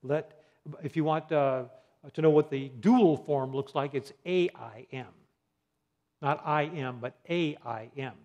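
Man teaching a Bible study, pitched a bit high. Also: measured pace, darkish tone. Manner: asks the audience questions and answers them; spells out words letter by letter, many fillers and restarts.

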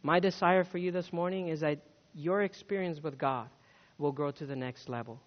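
A man preaching a sermon with dynamic swings between loud urging and hushed words, telling stories with acted quotes. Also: on the high side, moderate pace. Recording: dull sound with long hall reverb.

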